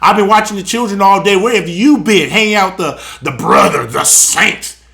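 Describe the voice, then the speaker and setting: A man mimicking a nagging wife who complains in a loud, whiny, accusing voice. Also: medium pitch, normal speed, vocal fry, pitched below the performer's own voice.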